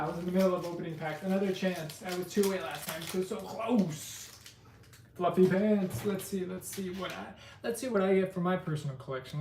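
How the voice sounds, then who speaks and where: A man's voice: a little high, a little mellow. A man hosting a casual live stream, chatting with viewers and reading card names aloud. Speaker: live-stream host opening trading card packs. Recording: roomy, distant mic with faint noise.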